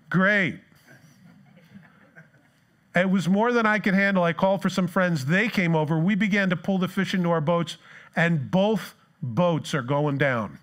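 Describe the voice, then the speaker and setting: Man, pastor, sermon in church, fairly high voice, animated storyteller.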